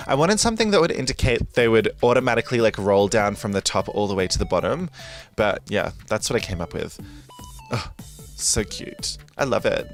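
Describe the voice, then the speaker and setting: Over footage of a building game, a man with a mid-range, fairly bright voice gushes and giggles through a rambling voice-over, with faint music playing behind him as he hosts his gaming video.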